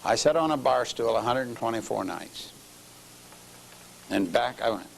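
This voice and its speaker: A middle-aged man preaching a sermon, telling a story and dropping to low murmurs before raising his voice for emphasis. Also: animated, moderate pace, gravelly, slight background noise, low-quality recording.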